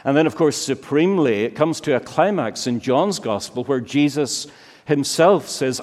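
A man preaching a sermon, slow and emphatic, with many searching rhetorical questions. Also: mid-range voice, animated, a little mellow. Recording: long reverb of a large hall.

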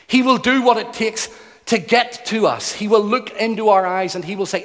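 Earnest high-voiced male preacher, reverberant hall. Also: moderate pace, fairly bright tone. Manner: earnest, emphatic, rhythmic repetition. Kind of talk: sermon.

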